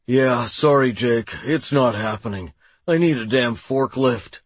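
Narrator doing a sheepish jokey middle-aged guy, husky, medium pitch. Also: measured pace, no room sound.

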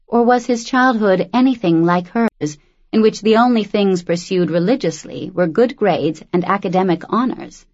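A woman narrating a novel as an audiobook, reading in a measured, steady way on a dull lo-fi recording. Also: fairly low pitch. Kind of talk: scripted narration.

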